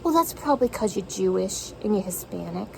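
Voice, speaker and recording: Gravelly woman asking question after question. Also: medium pitch, expressive, brisk, a little hiss or hum, rough recording. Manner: incredulous, questioning, repeats what she hears. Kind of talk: one-sided conversation, repeating back answers.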